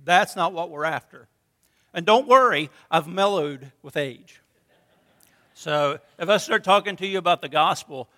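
A man with a high, bright, ringing voice preaches in a sanctuary, and his words trail off into the long reverb of a church hall. He talks in a relaxed, conversational way, telling stories with a light sense of humor. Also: moderate pace. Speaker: pastor. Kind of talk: sermon.

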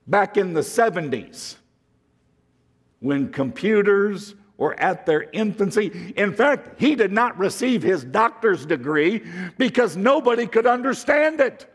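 A man preaching a sermon, slow and deliberate, swinging from emphatic highs to hushed lows. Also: husky, big-room sound. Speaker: pastor.

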